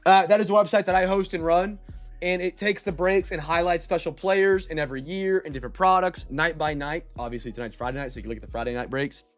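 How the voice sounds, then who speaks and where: A man's voice: a little high, fast talker, soft background music. A man hosting a live-streamed trading card break, chatting casually with viewers and reading out player names as he goes.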